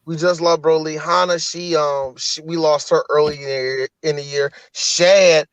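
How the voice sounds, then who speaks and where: A man co-hosting a podcast in casual chat, cutting in with loud, playful remarks. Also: a little high, fairly even intonation, moderate pace, smooth, no echo. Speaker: podcast co-host. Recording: dull, dry lo-fi mic.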